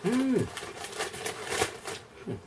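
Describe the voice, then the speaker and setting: A man's voice: extremely slow, far from the mic, noisy background. An Australian man chatting casually in a vlog, rambling, thinking aloud and chuckling often, recorded indoors. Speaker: vlogger. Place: indoor room.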